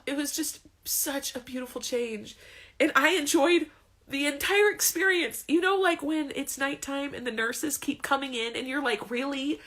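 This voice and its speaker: A woman's voice: sits high, a bit bright. A woman in her thirties candidly telling a personal story to camera, chatty and emotional, laughing between sentences. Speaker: vlogger.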